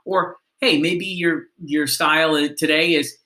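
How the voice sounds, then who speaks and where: A man leads a sales training lesson, coaching his listeners on how to answer the phone. His voice is bright and sits a little high, and he often turns to the listener with questions. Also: steady tone, a little slow.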